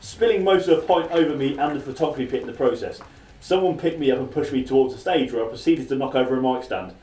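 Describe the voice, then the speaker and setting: A man in his thirties, hosting a casual chat show and telling self-mocking stories at a quick clip. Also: medium pitch, warm tone. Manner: fast, chatty, self-mocking anecdotes. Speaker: podcast host. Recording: roomy sound from a distant mic.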